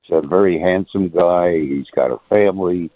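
A man phones in to a radio show to share his view, speaking in a low voice at a moderate pace with plenty of hesitations and fillers. The phone line sounds muffled, with no echo.

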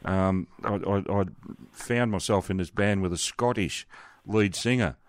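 A man's voice: on the low side, unhurried, clean tone, dry recording. An older man hosting a radio interview, chatting in a rambling way with plenty of fillers. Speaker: radio host.

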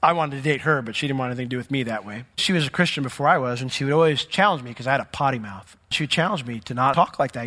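Bright-voiced man preaching in a reverberant church. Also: mid-range voice, fast. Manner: lively storytelling with humor and asides. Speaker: pastor. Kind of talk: sermon. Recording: hall reverb from a church sanctuary.

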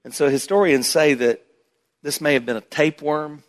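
A man pastor preaching a sermon, swinging from loud emphatic bursts to hushed low asides. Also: moderate pace. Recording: long hall reverb.

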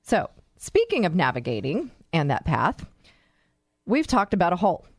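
A woman's voice: fairly low pitch, wildly swooping pitch, normal speed, slightly rough, no room sound, studio quality. A woman hosting a talk show, addressing listeners in an enthusiastic, storytelling way. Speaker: host.

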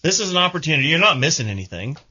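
A man's voice: on the high side, sing-song, very fast, sharp tone, breathy edge, muffled recording. A middle-aged man, hosting a radio show in casual, rambling chat.

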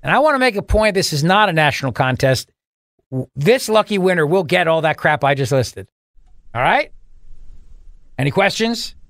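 A male radio host with a fairly high voice who rambles through sarcastic bits and keeps laughing at his own jokes. He is recorded close on a dry studio microphone. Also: very animated, moderate pace, pauses often, a bit bright, dry recording. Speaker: radio talk show host. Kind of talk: joking radio banter.

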